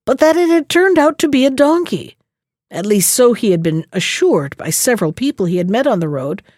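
A woman narrating a fairy tale in an expressive read-aloud style. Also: mid-range voice, no room sound, clean studio sound. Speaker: storyteller. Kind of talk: storybook narration.

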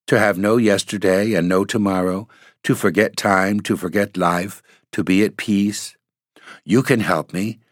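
A man's voice: dry recording, studio quality. A man voicing a sad, weary old ghost. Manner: sad, low, dreamy speech. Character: weary, lonely old male ghost nobleman.

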